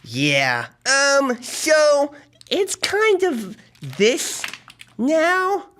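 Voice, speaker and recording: A man voicing a goofy, excitable young puppet guy who jokes and overreacts in a kids' puppet comedy. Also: very high voice, drawn-out words, slight background noise, full character voice. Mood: sheepish. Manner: clumsy, dramatic, joking. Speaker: puppet vlogger.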